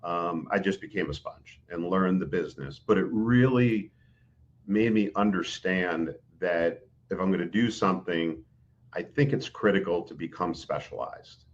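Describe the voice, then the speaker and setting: Middle-aged male podcast guest, deep register, animated anecdotal delivery with fillers, slightly muffled recording. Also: measured pace. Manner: animated storyteller, acts out quoted dialogue, frequent fillers. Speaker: interview guest, executive recruiter. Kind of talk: casual storytelling in a podcast interview. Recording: dull, lo-fi audio.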